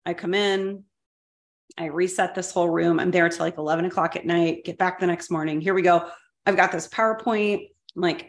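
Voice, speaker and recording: A middle-aged woman talks through an old work story on a casual podcast. Her voice sits a little low, and she is candid and ready to laugh at her own mistakes. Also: steady tone, fairly quick, roomy sound. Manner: candid, self-deprecating, laughs at herself. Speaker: podcast co-host, former school superintendent.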